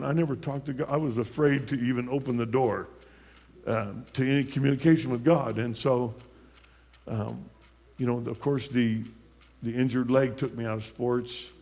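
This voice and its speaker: A man's voice: lowish voice, a little mellow. A man in his late fifties, a pastor giving his personal testimony in a sermon, telling it in a folksy way with many restarts and repeated words. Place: church sanctuary. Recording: long church hall reverb.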